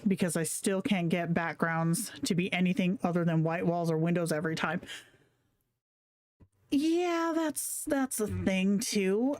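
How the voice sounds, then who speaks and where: A woman's voice: on the low side, darkish tone. A woman hosting a live stream, chatting casually with slang and swearing while reading chat comments aloud. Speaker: livestream host.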